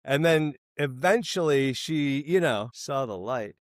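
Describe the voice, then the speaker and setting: A man telling a long comic story in a casual interview, animated and acting out the people he quotes, with some swearing. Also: mid-range voice, unhurried, dry recording, studio quality. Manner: animated, acts out quoted voices, swears freely. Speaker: filmmaker telling stories.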